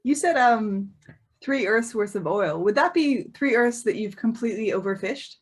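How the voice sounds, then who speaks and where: A woman's voice: on the high side, expressive, normal speed, slightly rough. Thoughtful woman hosting a podcast. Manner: thoughtful, hesitant with fillers and restarts. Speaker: podcast host. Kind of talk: casual interview chat.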